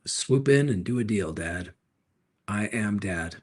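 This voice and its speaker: His voice is fairly low, husky and expressive: a middle-aged car dealer hosting a live stream. He answers viewer questions with upbeat humor and fast replies to chat.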